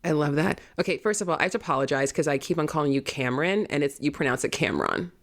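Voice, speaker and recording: A woman's voice: low voice, very fast. A woman hosting a podcast, chatting casually and laughing often. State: tired from poor sleep. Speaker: podcast host. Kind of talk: casual interview chat.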